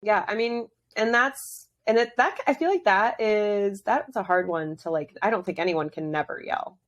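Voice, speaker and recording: A woman's voice: medium pitch, normal speed, dull audio. A young woman hosting a podcast and chatting casually with her guest, often agreeing and sprinkling in fillers. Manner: agreeable, many short affirmations and fillers. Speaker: podcast host. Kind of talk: casual interview chat.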